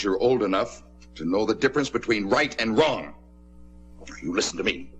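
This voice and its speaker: A man's voice: on the low side, fairly bright tone. A stern, scolding father. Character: stern working-class father, harsh and weary. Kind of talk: 1950s television drama acting.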